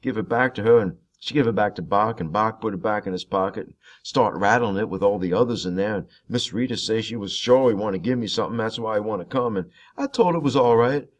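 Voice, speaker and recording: A man reading a novel chapter aloud in first person, in a steady, unhurried storytelling way. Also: lowish voice.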